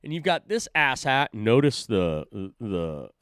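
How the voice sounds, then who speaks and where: A man's voice: mid-range voice, big pitch swings, slow pace, creaky, fairly bright tone, dry recording, studio quality. A man hosting a stream, reacting to clips with loose, sarcastic, swearing commentary. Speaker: stream host.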